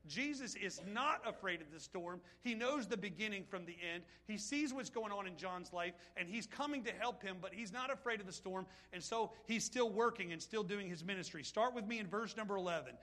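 A man's voice: sits high, animated, a little fast, hardly any pauses, bright, forceful tone. A man preaching a sermon, reading scripture aloud and talking directly to his congregation. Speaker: pastor.

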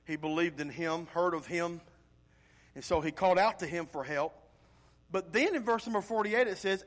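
A male pastor preaching an animated sermon, swinging from loud emphasis to quiet intensity. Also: high-pitched, moderate pace.

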